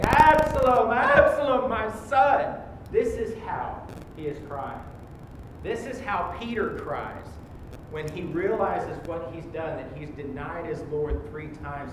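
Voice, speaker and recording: A man preaching a sermon as pastor, impassioned, his voice swelling loud when he voices laments. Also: fairly high pitch. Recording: echoey church hall with background noise.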